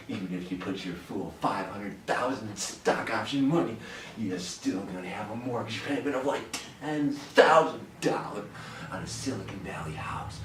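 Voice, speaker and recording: A man rants with heavy sarcasm, needling his target over and over with fake apologies. His voice sits a little low. Faint ambient noise hangs behind him. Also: lively intonation, measured pace, a bit bright. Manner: sarcastic, taunting, repeats jabs. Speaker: comedy vlogger. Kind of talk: mocking comedic rant. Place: home.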